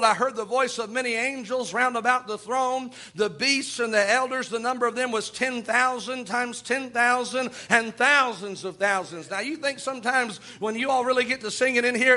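A man's voice: very high voice, bright, forceful tone. A man preaching a sermon in a church, reading scripture aloud and adding folksy asides. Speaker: pastor.

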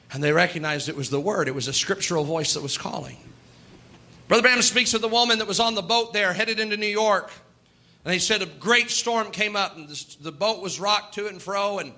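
High, bright-voiced preacher man. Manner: emphatic, rising and falling preaching cadence. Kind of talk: sermon.

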